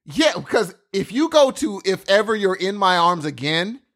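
A man's voice: high-pitched, big pitch swings, moderate pace, a bit bright. A man co-hosting a podcast in casual chat, wry and mock-exasperated. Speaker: podcast co-host.

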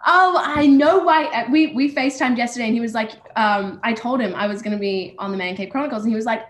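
A woman's voice: fairly high pitch, fast, hardly any pauses. A young woman, an actor, chatting casually and bubbly in an interview over a video call. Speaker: actor guest. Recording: echoey room with faint noise.

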